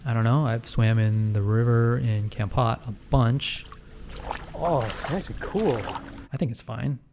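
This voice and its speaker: A man's voice: medium pitch, measured pace, a little mellow, slight background noise. Canadian guy, travel vlogger; casual, chatty, sarcastic asides; mid-range voice. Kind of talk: casual vlog commentary.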